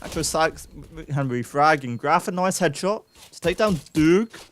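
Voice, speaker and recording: A young man calls an esports match live, his voice sitting a little higher than most. He talks fast and excitable through the action, breaking off for self-mocking asides to his chat. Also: slight background noise. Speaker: esports caster. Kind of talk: live play-by-play commentary.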